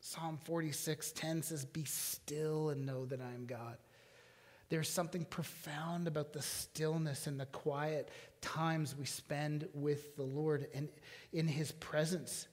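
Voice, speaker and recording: A man's voice: on the high side, fairly even intonation, slow pace. A man, preaching a conversational sermon and asking the congregation questions. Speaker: pastor. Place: church hall. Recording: long hall reverb.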